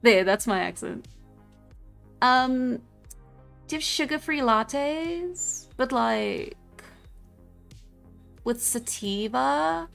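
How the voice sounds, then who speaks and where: A woman putting on a ditzy American valley girl accent, drawling slow café orders with an upturned lilt. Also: sits high, expressive, creaky, a bit bright, clean tone, faint music behind, full character voice. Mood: airheaded. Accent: American valley girl, put on.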